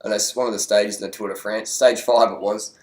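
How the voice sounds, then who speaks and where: A man giving casual, crude and excitable commentary over race highlights, joking freely as he goes. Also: fairly quick, roomy sound. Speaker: cycling commentator.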